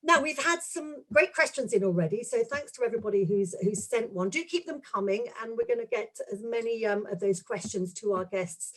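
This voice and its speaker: A woman introduces guests on a webinar over a video call. Her voice sits a little high. She talks freely, with ums and small restarts. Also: brisk, few pauses, fairly bright tone. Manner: friendly, with frequent ums and restarts. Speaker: host, motorsport journalist. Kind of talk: webinar hosting.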